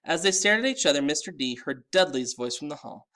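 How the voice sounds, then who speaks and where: A man reading a children's story aloud with expressive narration. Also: fairly high pitch, a little fast.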